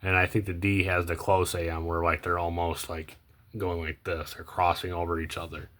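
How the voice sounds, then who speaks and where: A young man talking casually about coins as he sorts them, rambling and hesitant with many ums and self-corrections, often trailing off quietly. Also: little pitch movement, normal speed. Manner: low-key, trails off quietly at phrase ends. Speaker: coin collecting vlogger. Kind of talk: casual unscripted commentary while sorting coins.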